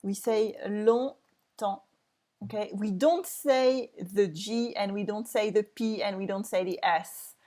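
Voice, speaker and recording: A woman's voice: mid-range voice, measured pace, hardly any pauses, mellow. A French woman in her thirties with a French accent, teaching a reading lesson for learners, repeating words and sounding them out with care. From France.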